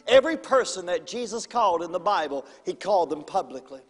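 A man, preaching in a high, bright voice. He gives a fervent altar call, repeating his urgings again and again. His voice carries with a long hall reverb over soft music. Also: lively intonation, brisk, hardly any pauses. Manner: fervent, repetitive exhortation. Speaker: pastor. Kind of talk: evangelistic sermon altar call. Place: large church auditorium.

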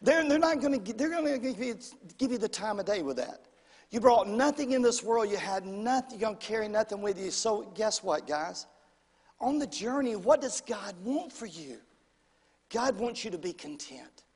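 A man's voice: high voice, expressive, normal speed, slightly rough. A man preaching a sermon as pastor, calling for amens and rising into emphatic bursts. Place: church sanctuary. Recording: echoey church hall.

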